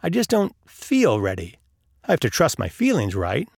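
A man voicing a stubborn, fearful man stuck in a hole, pitching his voice up and whining. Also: huge pitch swings, normal speed, gravelly, breathy edge, no room sound, clean studio sound, exaggerated voice. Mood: excuse-making. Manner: whiny, raises his pitch for the character.

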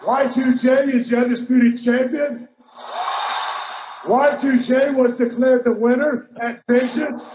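A man doing an impression of a brash, loud male wrestler giving a repetitive promo speech. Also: very high voice, voice pushed up. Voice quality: shouty, repetitive, drawn-out. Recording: echoey, muffled, noisy room.

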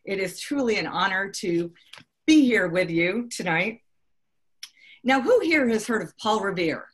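A woman from Boston tells a history story to a live audience. Her delivery is loose and conversational, and she often pauses on an um or restarts a sentence. Her voice sits at an ordinary pitch. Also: animated. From Boston, United States. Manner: conversational, with frequent ums and restarts. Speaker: speaker telling a history story.

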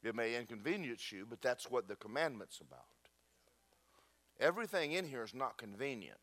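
A mid-range male voice at a moderate pace carries this sermon, with no room sound present. The pastor is animated, trading jokes and stories and speaking straight to his congregation.

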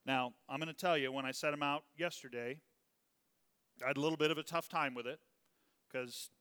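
In a church sanctuary, a male pastor delivers an emphatic sermon in a mid-range voice that's pushed, bright, and clean. He draws out key words and slips in chuckling asides, with long reverb from the hall.

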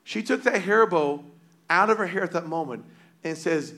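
Guy preaching a fired-up sermon, high voice, goes loud then hushed. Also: moderate pace. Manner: impassioned, repetitive, swings between loud and hushed.

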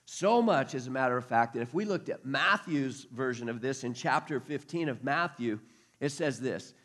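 A pastor preaching a conversational sermon, acting out quotes along the way. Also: male voice, mid-range voice, lively intonation, moderate pace, fairly bright tone.

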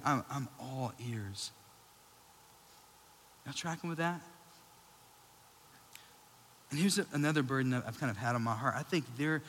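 A man's voice: fairly high pitch, bright, forceful tone. A young man preaching a sermon, conversational and joking, building to emphatic peaks. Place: church hall. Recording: long hall reverb.

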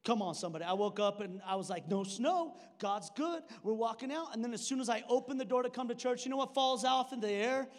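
A man's voice: very high-pitched, quick pace, few pauses. A young man preaching a sermon in church, conversational and joking, with frequent restarts. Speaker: pastor. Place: church sanctuary. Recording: long hall reverb.

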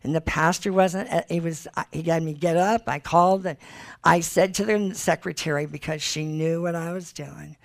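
A woman giving a personal testimony as part of a teaching, telling her story in an animated way and acting out what others said. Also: low voice, moderate pace, creaky.

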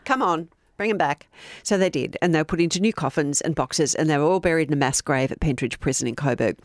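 A woman spins a story for a podcast, her voice a touch low and playful. She talks casually and now and then slips into mock voices. The sound is dry and close to the mic. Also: fast talker, no echo. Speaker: podcast co-host telling a story.

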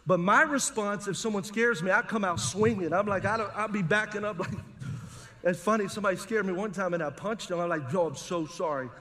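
High-voiced preaching man. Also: a little fast. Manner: lively call-and-response preaching with humor. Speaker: pastor. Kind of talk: sermon. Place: church service.

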